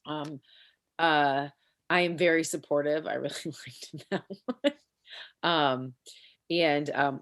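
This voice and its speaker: A woman's voice: low voice, normal speed, fairly bright tone. A woman giving casual spoken feedback to a comedian on a video call, rambling, chatty and laughing often, with many fillers. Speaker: comedy workshop feedback giver.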